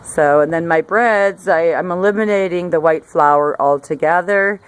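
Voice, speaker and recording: A woman's voice: on the low side, normal speed, smooth, dry recording. A middle-aged woman vlogging outdoors by a hillside garden, talking casually to camera in a rambling way, breaking off her sentences and laughing often.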